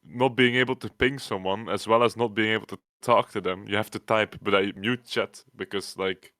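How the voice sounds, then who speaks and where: A man with a low voice rambles through a gaming story on a podcast call, jumping into quick impressions of teammates. The sound is dry and close, with no room around him. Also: fairly even intonation, sharp tone, dry recording. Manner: rambling storyteller, mimics players mid-story. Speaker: podcast co-host. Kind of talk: casual gaming chat. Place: online voice call.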